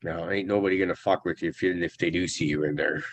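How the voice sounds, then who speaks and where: A very deep-voiced man chats along in an easy, agreeable way. The sound is dry and close. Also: fairly even intonation, quick pace, no echo. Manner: easygoing, agreeable. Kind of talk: casual livestream chat.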